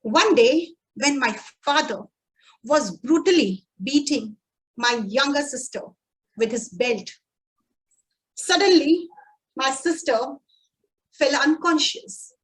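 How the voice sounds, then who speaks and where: A woman with a high voice gives a prepared speech to a speaking club. She speaks slowly and deliberately and pauses for effect. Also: expressive, low-quality recording. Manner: slow, deliberate, with dramatic pauses.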